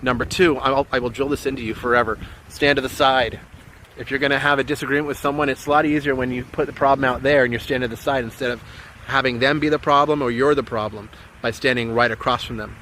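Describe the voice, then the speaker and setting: Bright-voiced earnest man coaching. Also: medium pitch, fairly even intonation, quick pace, a little hiss or hum. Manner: earnest, encouraging, repeats key points. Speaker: relationship coach. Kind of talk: motivational coaching talk to camera.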